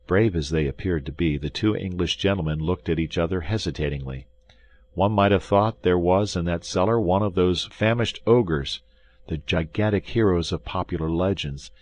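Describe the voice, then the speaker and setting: A man narrating a classic adventure audiobook in an expressive, measured storytelling manner. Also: low-pitched.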